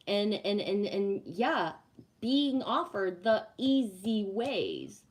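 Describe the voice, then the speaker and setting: A woman talks to her viewers on a casual spiritual livestream. Her voice sits at a middle pitch, and she vents bluntly and emphatically, swearing freely and tossing in "right?" after her points. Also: takes it slowly. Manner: emphatic and profane, rhetorical "right?"; blunt, animated venting.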